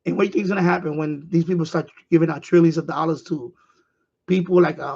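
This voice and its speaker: A man's voice: fairly high pitch, steady tone, fast, vocal fry, dark tone, breathy edge, muffled recording. A man ranting on his live stream, profane and heated, repeating himself.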